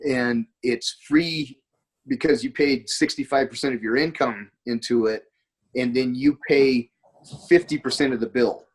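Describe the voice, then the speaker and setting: A man's voice: medium pitch, fairly even intonation, unhurried, breathy edge, rough recording. A man, a podcast guest, talking in a rambling, anecdotal way during a casual conversation. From United States.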